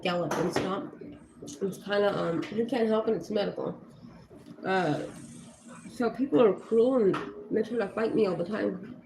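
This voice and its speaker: A fairly high-voiced woman talking straight to her viewers on a livestream. She rambles, stops often for fillers and pauses, and builds to indignant outbursts as she retells a fight. The room is echoey, with a faint hum of noise underneath. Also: a little mellow. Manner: rambling, halting with fillers, grows heated retelling a dispute. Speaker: livestream host. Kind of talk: casual livestream storytelling.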